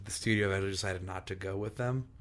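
Young male co-host, lowish voice, eager, rambling, profane banter. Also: fairly even intonation, quick pace. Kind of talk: casual chat.

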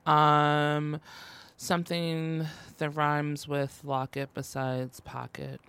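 A young adult co-hosting a podcast, recapping an episode in a relaxed, wry way with many fillers. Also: mid-range voice, slow pace, clean tone, no room sound. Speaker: podcast co-host. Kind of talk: casual recap chat.

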